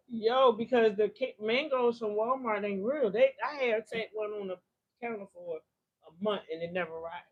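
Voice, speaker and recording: The recording is muffled but has no echo, capturing an older woman's slightly high voice at normal speed. She hosts a casual livestream while cooking in her home kitchen, chatting, using slang, telling stories and laughing often.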